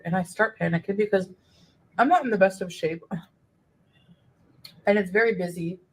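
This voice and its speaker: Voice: medium pitch, low-quality recording. A vlogger telling a rambling, chatty travel story while eating on camera. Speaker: vlogger in clip.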